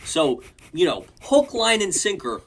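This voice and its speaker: A man's voice: high voice, wildly swooping pitch, unhurried, fairly bright tone, slight background noise. A young man hosting a reaction video, mockingly reading online comments aloud. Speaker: host.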